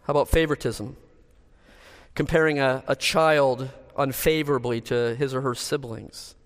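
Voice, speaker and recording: A man's voice: mid-range voice, steady tone. Earnest male pastor in reverberant church. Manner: earnest, measured, list-driven. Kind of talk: sermon.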